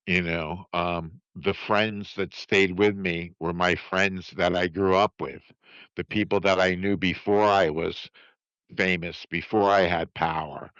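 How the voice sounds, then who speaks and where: An older man giving a halting, emotional statement as an interview guest, often repeating "you know what I mean.". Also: sits low, fairly bright tone, clean tone, no room sound. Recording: dull, dry lo-fi sound.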